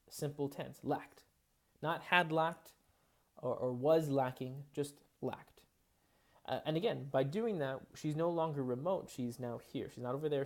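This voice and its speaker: A man's voice: fairly high pitch, a little mellow. A man giving a recorded college English lecture, explaining patiently and thinking aloud with frequent fillers and restarts.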